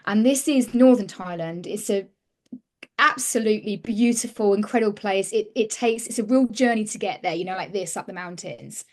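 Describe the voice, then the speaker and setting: A woman's voice: mid-range voice, moderate pace. Earnest woman telling her story. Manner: earnest, reflective, restarts mid-sentence. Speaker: women's mentor, interview guest. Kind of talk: casual interview storytelling.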